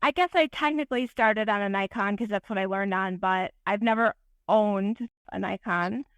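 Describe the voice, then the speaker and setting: A woman photographer, a podcast guest, telling an animated, self-deprecating story in casual interview talk. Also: medium pitch, moderate pace, no room sound.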